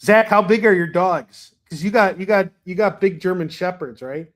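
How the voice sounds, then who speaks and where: A man's voice: high voice, moderate pace, a bit bright. A man hosting a live shopping stream, chatting loosely, laughing and swearing freely. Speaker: live shopping show host. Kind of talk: casual livestream chat.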